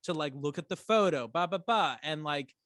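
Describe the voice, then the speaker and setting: On a casual rewatch podcast, a male co-host rants with lively energy and frequent profanity. He speaks at a normal speed in a fairly high voice, recorded dry.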